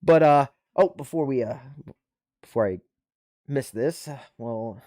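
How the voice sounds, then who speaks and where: Recording at home on a desktop USB microphone, a livestream host who served in the army tells a profane, casual story and rants animatedly, swearing nonstop and restarting. His voice is medium-pitched, mellow, and a little slow, with studio-quality audio and no room sound.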